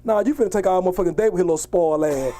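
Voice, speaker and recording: A man's voice: sits high, racing, dark tone, a little hiss or hum. A man hosting a podcast, telling rowdy stories with lots of laughter and acted-out scolding. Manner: boisterous storytelling, laughing, acting out scolding. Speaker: podcast host. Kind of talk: casual podcast chat.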